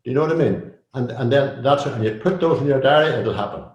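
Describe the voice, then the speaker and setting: A man's voice: medium pitch, fast talker, a little mellow, dull audio. An older man talks casually about coaching. He is chatty, repeats phrases and scatters "you know" through his speech, and his voice sits in the middle of the male range. The room around him sounds echoey. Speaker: executive coach, guest. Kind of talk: casual interview conversation. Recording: roomy echo.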